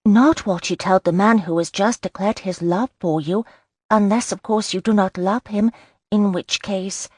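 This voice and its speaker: A woman voicing an excitable, playful young Regency lady in an audiobook, eager and quick to squeal with delight. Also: mid-range voice, slightly rough, no room sound, studio quality, pitched above the performer's own voice. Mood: gentle. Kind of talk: audiobook character voice.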